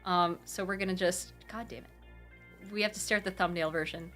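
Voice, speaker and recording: A young woman from the Pacific Northwest reads viewer comments out loud in a casual live stream chat, speaking at a normal speed in a lowish voice. Animated and rambling, she laughs often, swears freely, and restarts her sentences. Faint music plays behind her.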